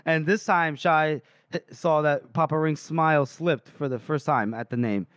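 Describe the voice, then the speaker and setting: A man's voice: on the high side, normal speed, clean tone, no room sound, studio quality. A man co-hosting a book podcast, casually retelling chapter scenes and laughing often. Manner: paraphrases dialogue loosely, frequent laughs. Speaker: podcast co-host.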